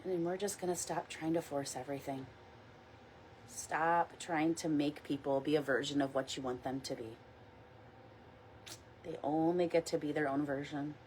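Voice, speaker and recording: A woman leading a guided meditation, speaking softly and slowly and repeating calm mantras. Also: low voice, a little hiss or hum, low-quality recording. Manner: soft, slow, reassuring, repeats mantras. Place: outdoors or near a window in wind.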